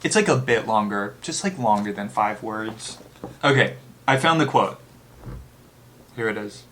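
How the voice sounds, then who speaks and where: A man's voice: fairly low pitch, animated, measured pace, a bit bright, a little hiss or hum. A man hosting a casual book review chat, rambling and candid, with lots of filler words and the odd swear. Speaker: book channel host.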